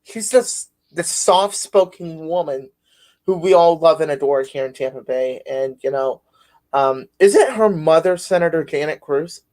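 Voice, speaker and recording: A man's voice: on the high side, a little slow, a little mellow. A man hosting a podcast, telling stories in a rambling casual way with many fillers. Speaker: podcast host. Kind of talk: casual conversation.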